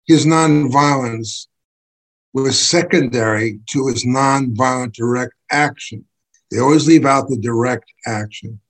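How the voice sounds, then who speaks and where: A man giving an impassioned political talk as an activist writer, emphatic and building to forceful bursts. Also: mid-range voice, slightly rough, poor audio.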